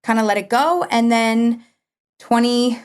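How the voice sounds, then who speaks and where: A middle-aged woman with a somewhat high voice tells her personal story as a guest in a relaxed chat. She talks in an animated way and quotes her own past words with sudden leaps up in pitch. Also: unhurried, smooth. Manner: animated, quotes herself with big pitch jumps. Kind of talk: conversational storytelling.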